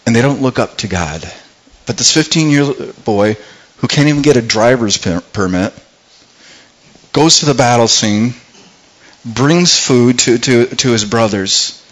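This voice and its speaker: On a rough recording, a man with a mid-range, slightly bright voice preaches a sermon that retells a scripture story. He voices what the characters might be thinking in dialogue, often repeating words as he works through his thoughts aloud.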